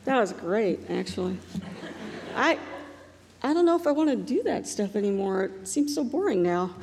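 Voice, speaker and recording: A woman's voice: medium pitch, very animated, normal speed, a little mellow, breathy edge, in a large hall. A middle-aged woman from northeastern Ohio gives a humorous live talk as a guest speaker, rambling and self-deprecating and laughing often.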